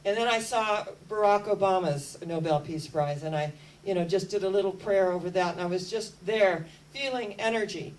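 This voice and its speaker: A woman speaking to an audience, telling a story as a lively storyteller who keeps coming back to energy and spirit. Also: mid-range voice, normal speed, distant mic, rough recording. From United States. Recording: voice a bit off mic with faint hum.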